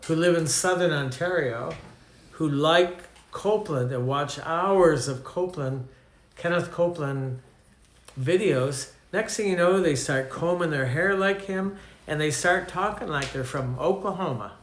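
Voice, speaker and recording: In a reverberant hall, a Canadian man of advanced years speaks at a measured pace with a fairly high pitch. He teaches through a sermon, telling stories casually and questioning his listeners.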